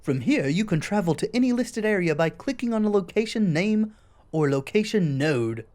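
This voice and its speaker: A woman's voice: medium pitch, animated, normal speed, darkish tone. A woman casually commenting as she plays a game, with wry, self-deprecating asides. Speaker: let's play host.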